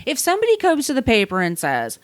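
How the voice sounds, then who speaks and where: A woman's voice: high-pitched, huge pitch swings, fast, no room sound. A woman co-hosting a casual podcast, talking bluntly and sarcastically with plenty of swearing. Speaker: podcast co-host.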